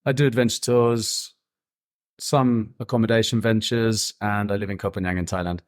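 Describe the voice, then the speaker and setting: A man's voice: fairly low pitch, steady tone, normal speed. A man with a London accent, a podcast guest in his thirties, chatting casually and telling stories in a laid-back way. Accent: London English. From England. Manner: laid-back, chatty storyteller, mild swearing. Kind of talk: casual interview chat.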